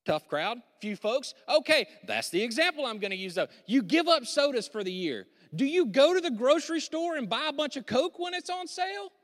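A male pastor delivering a sermon with energetic, joking delivery and prompts to the congregation. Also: extremely high pitch, brisk, hardly any pauses. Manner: energetic, jokey preaching with audience prompts. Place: church sanctuary. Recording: church hall with long reverb.

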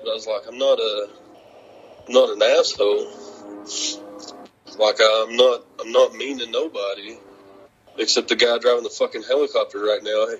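A man's voice: medium pitch, lo-fi sound. A man telling wrestling stories in a casual interview, swearing freely and laughing often as he talks. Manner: profane, laughing, animated storytelling.

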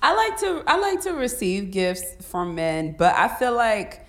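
A woman in casual chat among friends, animated, acting out voices and laughing often. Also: mid-range voice, a little slow, echoey room.

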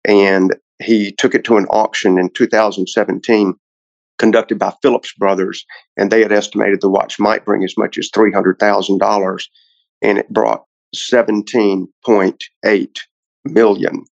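Low gravelly guy rambling through a story, lots of restarts, dull lo-fi sound. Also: little pitch movement, a little slow, dry recording. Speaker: guest car collector. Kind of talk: casual podcast storytelling.

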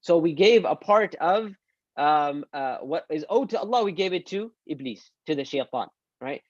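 A male Islamic teacher giving an online religious lesson, animated and acting out quoted speech. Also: a little high, moderate pace, dry recording, lo-fi sound.

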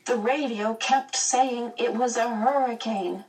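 A woman's voice: fairly high pitch, moderate pace, distant mic, pitched above the performer's own voice, close to an everyday voice, rough recording. A woman voicing a fretful teenage girl. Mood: nervous. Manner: nervous, wailing.

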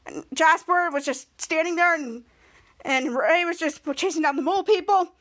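A woman's voice: very high voice, moderate pace, a bit bright. A woman podcast host casually recapping a TV episode, rambling and repeating herself as she goes.

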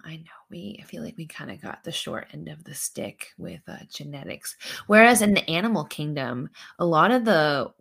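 Woman podcast co-host, playful and teasing, bright tone, somewhat low voice. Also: expressive, moderate pace, vocal fry, few pauses, slightly rough. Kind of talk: casual chat.

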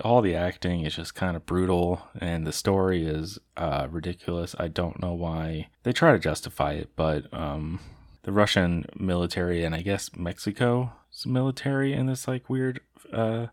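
A young man giving casual, rambling movie reviews, tired and worn out, swearing freely and laughing between his thoughts. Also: low-pitched. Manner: rambling, loose, profane, with fillers and laughs.

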